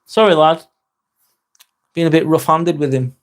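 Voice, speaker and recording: A man's voice: on the high side, fairly even intonation, a little slow. An English man hosting a casual live-stream chat, joking, teasing himself and swearing freely. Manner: sweary, joking and self-mocking.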